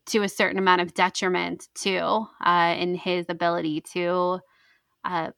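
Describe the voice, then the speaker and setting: Bright, creaky-voiced woman. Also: lowish voice, no echo. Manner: rambling, many fillers and self-corrections. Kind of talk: casual discussion.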